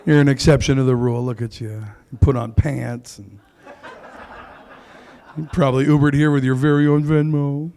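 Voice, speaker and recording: A man's voice: medium pitch, steady tone, moderate pace, mellow. A man doing stand-up comedy in a comedy club, brash and crude with mock outrage.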